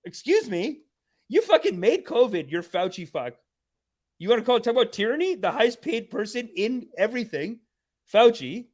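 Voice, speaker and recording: Comedian host from canada, swoopy expressive voice, sweary laughing rant on stream. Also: male voice, very high voice, normal speed. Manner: animated, profane, laughing rant. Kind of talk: livestream reaction commentary.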